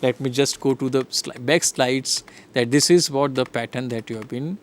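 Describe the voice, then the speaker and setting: A man giving a recorded lecture to trainee teachers, earnest and instructive, often pausing on fillers and restarting. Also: mid-range voice. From India.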